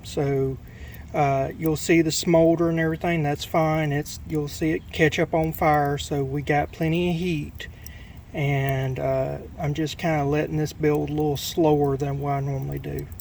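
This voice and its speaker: A man with a Southern US accent, casually explaining a cook as he works, folksy and relaxed. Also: a little high, normal speed, vocal fry, a little hiss or hum. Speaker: cooking vlogger. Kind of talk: casual cooking demonstration.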